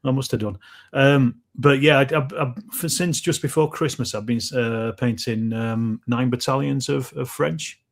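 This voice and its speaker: A man's voice: medium pitch, normal speed, vocal fry. A man co-hosting a podcast, chatting casually and hesitantly about his projects with many restarts. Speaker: podcast co-host. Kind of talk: casual chat.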